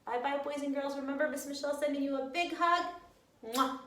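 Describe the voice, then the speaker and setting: A woman teacher guiding young children through breathing exercises in a gentle, sing-song, encouraging way. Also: high-pitched, fairly even intonation, quick pace, slight background noise. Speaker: preschool teacher. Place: room at home. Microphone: camera at a distance. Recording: echoey room, mic far off.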